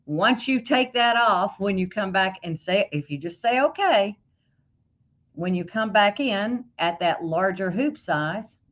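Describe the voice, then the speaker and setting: A woman hosting a casual livestream tutorial on embroidery software, chatting and greeting viewers by name. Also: mid-range voice, lively intonation, unhurried, lo-fi sound.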